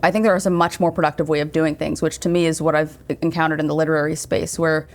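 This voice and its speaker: A woman in her thirties with a notably deep voice answers interview questions earnestly. She thinks aloud and often restarts her sentences. Her tone stays reflective and sincere. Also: flat delivery, fast talker. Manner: earnest and thoughtful, with frequent restarts. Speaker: guest, writer and showrunner.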